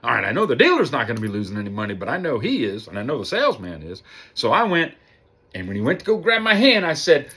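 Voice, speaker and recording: A man's voice: mid-range voice, wildly swooping pitch, fast talker, bright, forceful tone, breathy edge. A man casually telling a personal story on his vlog, acting out the voices of the people in it. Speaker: vlogger.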